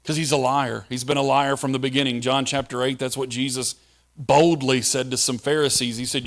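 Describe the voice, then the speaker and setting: A man's voice: mid-range voice, little pitch movement, fairly quick. A male pastor preaching a sermon in a conversational way, asking the listeners questions.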